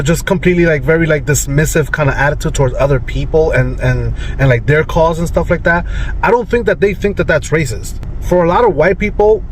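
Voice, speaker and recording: A man talks his thoughts through slowly, pausing on filler words and starting over. His voice sits a little high for a man. Faint outdoor noise from passing traffic can be heard behind him. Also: poor audio. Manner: hesitant, full of fillers. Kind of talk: casual commentary.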